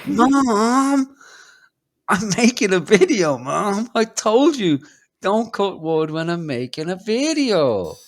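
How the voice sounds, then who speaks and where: A man imitating a petulant grown man shouting at his mom, shrill and whiny. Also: very animated, slow pace, exaggerated voice.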